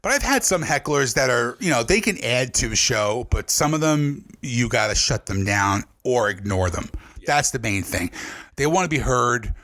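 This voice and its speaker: A man's voice: mid-range voice, lively intonation, moderate pace, a bit bright. A man, a comedian guest, telling brash, profane stage stories in casual podcast chat and acting out the voices he quotes.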